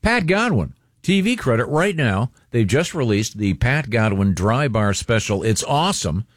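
A man hosting a morning radio show, chatting casually and plugging a cohost's special with halting fillers. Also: medium pitch, big pitch swings, no echo, studio quality.

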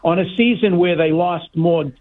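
Husky, indignant male caller on phone. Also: high-pitched, moderate pace. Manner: indignant, sarcastic. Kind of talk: heated call-in rant. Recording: tinny phone line.

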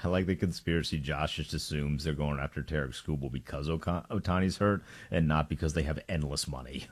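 A man's voice: a bass voice, a little fast, breathy edge. A man co-hosting a sports talk radio show in a casual, laid-back way.

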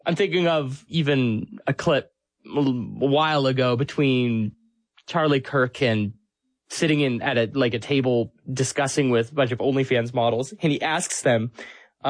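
A male interviewer asking a long question, measured and searching for his words. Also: mid-range voice, no room sound.

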